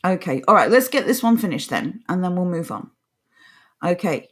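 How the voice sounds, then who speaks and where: A woman's voice: lowish voice, big pitch swings, normal speed. A woman co-hosting a chatty opinion podcast, talking bluntly and with open scorn. She laughs easily, mocks freely and is just as cutting when she reads from a page. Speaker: podcast co-host. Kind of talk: casual opinionated chat, reading an article aloud.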